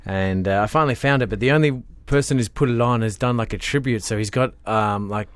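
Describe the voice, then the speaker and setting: A man co-hosting a podcast in a studio, excitable and rambling as he tells a story. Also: mid-range voice, brisk, clear, resonant tone, no echo. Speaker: podcast co-host. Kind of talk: casual studio chat. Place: radio studio.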